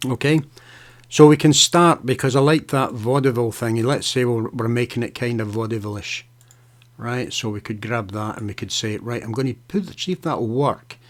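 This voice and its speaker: A man hosting a live software tutorial, chatting casually as he clicks through steps, often saying "okay" and "right". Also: mid-range voice, normal speed. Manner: casual, talks to viewers by name, fillers and okays. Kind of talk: live screen-share tutorial.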